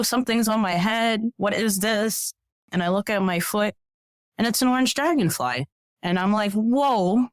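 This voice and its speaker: Animated woman telling trail stories. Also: low voice, no room sound. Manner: animated, acts out quoted voices. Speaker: podcast guest, professional hiker. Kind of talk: casual storytelling.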